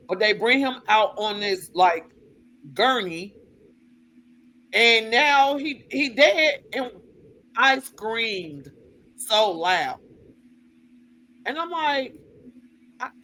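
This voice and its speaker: Blunt, bright-voiced woman storyteller. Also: mid-range voice, a little hiss or hum. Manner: blunt and profane, lively retelling with quoted voices. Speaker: co-host. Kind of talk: casual chat, personal storytelling.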